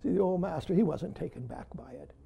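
An older man giving a Zen dharma talk as teacher, who keeps saying "see" and swings between loud emphasis and hushed whispers. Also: a little high, lively intonation, brisk, vocal fry, slightly rough.

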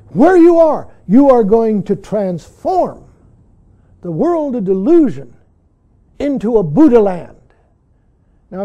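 Older man giving a high, mellow Zen talk. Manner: earnest, frequently says "see". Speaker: Zen teacher. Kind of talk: dharma talk.

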